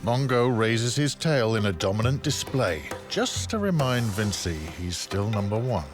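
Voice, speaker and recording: A man narrating a wildlife documentary in a measured, informative, scripted delivery. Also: lowish voice, big pitch swings, over loud music.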